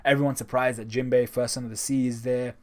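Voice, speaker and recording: A man's voice: mid-range voice, level tone, fast. A man giving a casual, enthusiastic spoken review of a comic chapter, talking conversationally. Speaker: manga reviewer.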